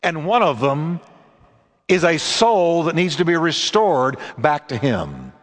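A male preacher who delivers his sermon emphatically, slowing down for dramatic pauses. His voice sits a little high and swings widely, with a long reverb behind it. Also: big pitch swings. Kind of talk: sermon with storytelling.

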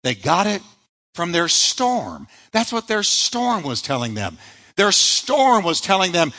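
Man preaching a sermon, high voice, bright and forceful, long reverb of a church hall. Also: big pitch swings, a little slow. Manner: emphatic preaching, rhetorical questions. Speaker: pastor.

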